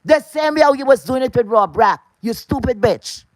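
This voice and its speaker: A woman's voice: high-pitched, expressive, moderate pace, dry recording. A woman delivering an angry, profane, confrontational rant to camera.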